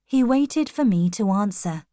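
A woman narrating a storybook in the first person, reading clearly and carefully. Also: medium pitch, lively intonation, unhurried, warm tone, no echo, studio quality. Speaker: audiobook narrator.

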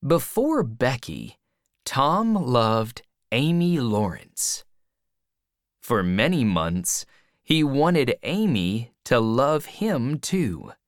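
A woman narrating a simple storybook in a low voice. She reads very slowly and clearly, with a lively, swinging pitch. The recording is dry and close. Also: no echo. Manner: slow, clear graded-reader delivery. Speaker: reader.

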